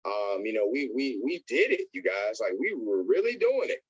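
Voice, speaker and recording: An excitable man tells a motivational story to his team in a middle-pitched voice. He repeats words and stumbles over them as he rushes on. The sound is dull and dry, as on a call. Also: breathy edge, dry recording. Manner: animated, addresses listeners as y'all, repeats and stutters. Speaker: network marketing motivational speaker.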